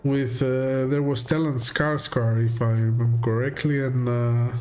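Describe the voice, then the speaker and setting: A man casually commenting while streaming a game, halting with many fillers and restarts and chuckling often. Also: medium pitch, steady tone, a little mellow, faint music behind.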